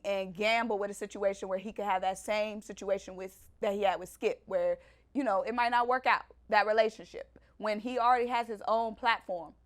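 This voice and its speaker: A woman's voice: mid-range voice, fairly bright tone. A woman hosting a sports news show, questioning her guest in a conversational, playful way. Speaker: host. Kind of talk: casual sports debate.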